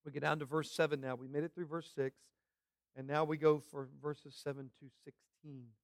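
A man's voice: fairly high pitch, little pitch movement, moderate pace, no room sound, clean studio sound. A man preaching a sermon as pastor, emphatic and repeating key phrases for weight.

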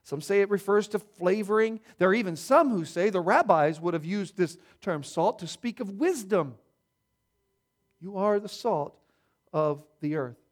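Male pastor, higher voice, emphatic sermon delivery with repeated key words. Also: lively intonation, a little slow.

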